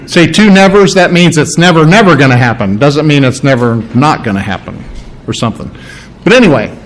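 A man preaching a sermon in a lively, conversational way, with emphatic repetition and joking asides. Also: a little high, rough recording.

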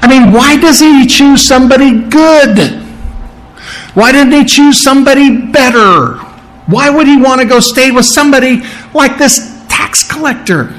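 A man's voice: very high voice, unhurried, a bit bright, pitched above the performer's own voice. A man preaching, voicing indignant townsfolk who grumble in incredulous rhetorical questions. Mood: indignant griping. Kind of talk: sermon.

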